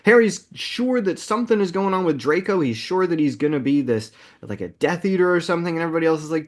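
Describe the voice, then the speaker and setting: A man's voice: a little high, lively intonation. Upbeat male movie podcast host. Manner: upbeat, laughs often, quick recaps. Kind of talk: casual movie podcast chat.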